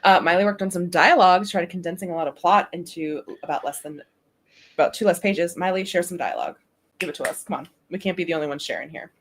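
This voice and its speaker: A woman co-hosting a casual writing stream, excitable and giggly. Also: lowish voice, fast talker. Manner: giggly and excitable, reads aloud in a put-on accent. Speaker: streamer co-host.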